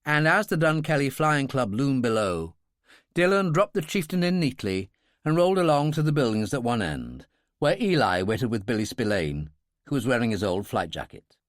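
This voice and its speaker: A man narrating an audiobook thriller in an expressive, measured way. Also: mid-range voice, dry recording, clean studio sound.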